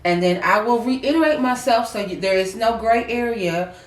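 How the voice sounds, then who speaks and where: A woman's voice: fairly high pitch, moderate pace, recorded from a distance. A woman co-hosting a casual heartfelt chat, talking emphatically and repeating herself to make her point. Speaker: co-host. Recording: roomy, off-mic sound.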